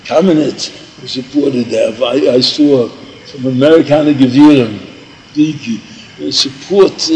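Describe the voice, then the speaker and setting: Gravelly older man telling a rambling story. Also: a little high, darkish tone, slight background noise, rough recording. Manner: meandering, repeats himself, mixes in Yiddish and Hebrew words. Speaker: storyteller recalling yeshiva days.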